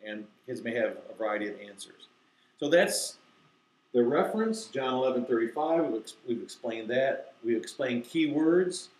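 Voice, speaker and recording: A man explaining to teachers how to teach a verse to children, acting out slow, deliberate recitation. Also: mid-range voice, lively intonation, a little mellow, reverberant, rough recording. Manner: demonstrates, reciting key phrases slowly and deliberately. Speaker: Bible teacher. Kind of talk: instructional talk to teachers.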